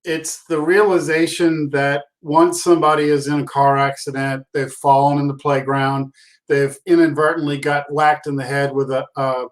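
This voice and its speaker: A middle-aged man with a fairly high voice speaks as an interview guest. He tells stories in an animated, self-deprecating way, restarting his sentences often. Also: moderate pace. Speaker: podcast guest, concussion awareness speaker. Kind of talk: casual interview storytelling.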